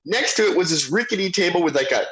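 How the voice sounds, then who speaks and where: A middle-aged man tells a story with real animation, his slightly raised voice jumping around as he acts out each person he quotes. The delivery is relaxed and conversational, like a guest warming up on a chat show. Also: high-pitched, fast talker, poor audio. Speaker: guest actor. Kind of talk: anecdotal storytelling.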